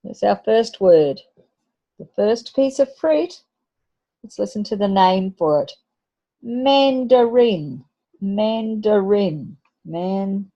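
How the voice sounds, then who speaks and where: A woman's voice: mid-range voice, sing-song, a little slow, vocal fry, pauses often, warm tone, highs cut off. A woman teacher giving a patient phonics lesson to young children, sounding out letters and words.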